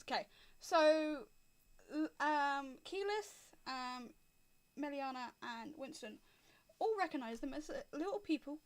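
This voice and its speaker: Woman, game master, tabletop game narration, high voice, chatty, relaxed. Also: measured pace.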